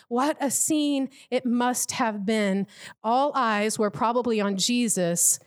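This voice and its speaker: A woman with a fairly high voice preaches a sermon. She tells the story vividly, slipping into imagined quotes from the people in the scene.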